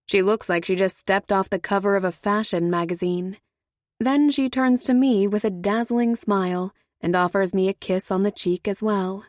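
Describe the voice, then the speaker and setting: Female audiobook narrator, first person, measured and wry, close dry mic. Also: mid-range voice, fairly even intonation, a little mellow, no room sound.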